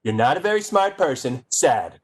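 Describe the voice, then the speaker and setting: A man's voice: on the high side, big pitch swings, normal speed, husky. A man doing an impression of a brash male politician who boasts in repeated superlatives. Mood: boastful. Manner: bragging, repetitive superlatives.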